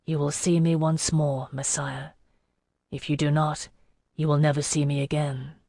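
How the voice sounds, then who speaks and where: A man's voice: sits high, steady tone, unhurried, a little mellow, dry recording. A narrator playing a proud young courtesan in a fantasy audiobook, cool and distant in his replies, firm when he names his terms. The voice is recorded dry and close. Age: young adult.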